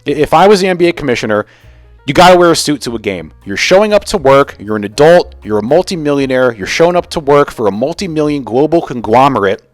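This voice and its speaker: A man's voice: mid-range voice, animated, fast, dry recording, soft background music. A young man hosting a casual sports commentary vlog, opinionated and ranting about the game. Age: young adult. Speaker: sports video host.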